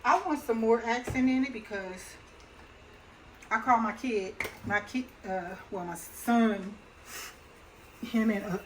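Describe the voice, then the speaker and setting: A middle-aged woman with a slightly high voice chats her way through a cooking demonstration at her own stove. Her talk is folksy and easygoing, and she laughs easily. A faint hum of kitchen noise sits behind her. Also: a little slow, pauses often. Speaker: home cook and channel host.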